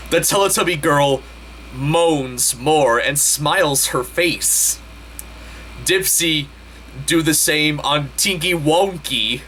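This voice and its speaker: A man hosting a comedic dramatic reading, deadpan and slow, with exasperated asides. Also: on the high side, slight background noise. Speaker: host.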